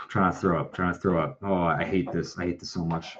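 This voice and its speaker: A man's voice: deep voice, animated, unhurried, pauses often. A young man chatting casually on a livestream while making a prop in an indoor workshop, self-deprecating and given to muttering and whispering to himself. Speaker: prop maker livestream host. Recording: muffled stream audio with faint noise.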